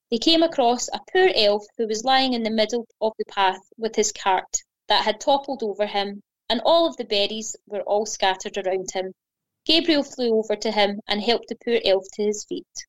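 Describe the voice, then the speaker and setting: A woman gently and expressively reading a children's fairy story aloud. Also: on the high side, moderate pace, rough recording.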